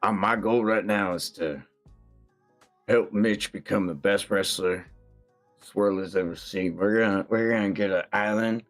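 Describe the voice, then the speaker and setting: A man's voice: low voice, steady tone, unhurried, pauses often, faint music behind. A man role-playing a rambling, drunken pirate character in a tabletop game. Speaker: player.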